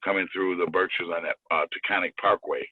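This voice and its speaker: A man's voice: low voice, steady tone, a little fast, breathy edge, no room sound. Male guest comic, rambling slangy talker, dry phone-line sound. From Springfield, Massachusetts. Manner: slangy, rambling, repeats himself. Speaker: guest comedian calling in. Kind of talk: casual chat.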